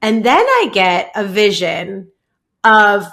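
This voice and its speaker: Woman podcast host, casual storytelling, mid-pitched voice, hesitant and filler-heavy delivery. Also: very animated, a bit bright. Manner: halting, heavy use of "like", many restarts.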